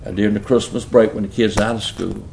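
Southern US male pastor, earnest folksy sermon storyteller, fairly low voice, roomy church sound. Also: fairly even intonation, quick pace, vocal fry, a little mellow, slight background noise.

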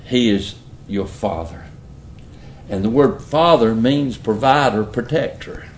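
A man's voice: mid-range voice, takes it slowly, echoey room, a little hiss or hum. A middle-aged man with a Southern US accent, preaching and telling stories in an earnest, folksy way. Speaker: pastor. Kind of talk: sermon storytelling.

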